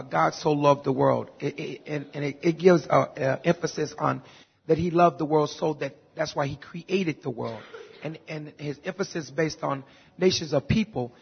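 A man in a Bible class voicing a question haltingly, with many restarts, in a raspy voice. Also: on the high side. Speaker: class participant. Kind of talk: class discussion comment. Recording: muffled, echoey room.

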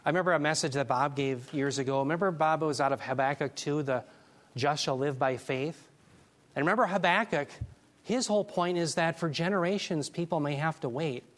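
A man teaching a Bible class, preaching in an emphatic, animated way and taking questions from the class. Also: on the high side, brisk. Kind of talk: sermon.

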